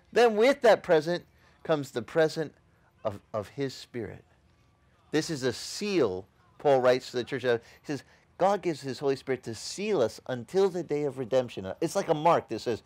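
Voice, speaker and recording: A man preaching a sermon as a pastor. He talks conversationally, quizzes the congregation with rhetorical questions and mocks opposing views in dismissive quoted voices. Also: on the high side. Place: outdoor beach service.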